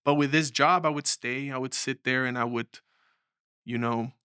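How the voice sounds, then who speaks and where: A young Mexican filmmaker, appearing as a guest in a storytelling interview, tells his story with animation and mimics the voices of those he quotes. His mid-range voice is bright and clear, moving at a moderate pace, recorded close and dry with no room sound.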